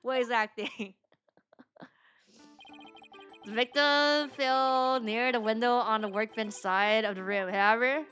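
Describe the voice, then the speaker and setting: A woman's voice: fairly high pitch, steady tone, slow, long pauses, a bit bright, dull audio, faint music behind. A woman streaming a game, reading its dialogue aloud and chatting in a rambling, filler-heavy way, laughing often. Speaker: VTuber streamer.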